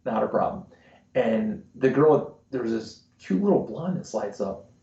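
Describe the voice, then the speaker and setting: A man co-hosting a podcast tells rambling bar stories in casual chat, and he swears freely. His voice is gravelly and mellow. The stream sounds roomy and a little dull. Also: medium pitch, lively intonation, a little slow. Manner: crude, swearing storyteller. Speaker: podcast co-host.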